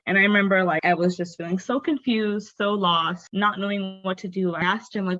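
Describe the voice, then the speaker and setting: A woman's voice: medium pitch, moderate pace, hardly any pauses, a bit bright. A young adult woman, a podcast guest, telling her personal story candidly and expressively, with lots of "like" fillers. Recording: dull, dry, lo-fi sound.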